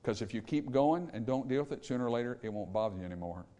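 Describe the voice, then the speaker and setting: A man's voice: mid-range voice, animated, fast talker. Fiery preacher man. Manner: fiery, swinging from loud emphasis to hushed pleading. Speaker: pastor. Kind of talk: sermon. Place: church sanctuary.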